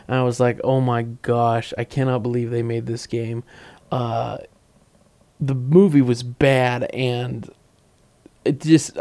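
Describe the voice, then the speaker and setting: A man hosting a casual let's-play commentary, giggly and excitable, laughing often as he plays. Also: medium pitch, gravelly. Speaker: gaming channel host.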